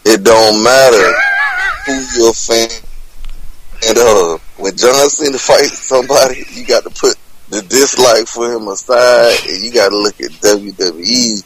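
A man's voice: medium pitch, measured pace, noisy background. A man co-hosting a casual wrestling chat, teasing and lecturing his friends. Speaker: wrestling show co-host.

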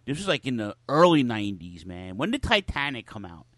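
A man's voice: mid-range voice, sing-song, a little fast, fairly bright tone, dry recording. A man in his forties hosting a podcast, telling loose stories in casual chat and swearing constantly. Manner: profane, loose storytelling with lots of cursing. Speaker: podcast host.

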